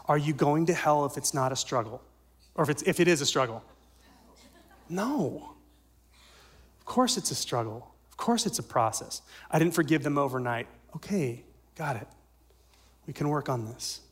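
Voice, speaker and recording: A male pastor giving a sermon, swinging from loud emphatic lines to soft near-whispers and asking the congregation questions. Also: on the high side, animated, moderate pace, long pauses, husky. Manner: asks the congregation rhetorical questions.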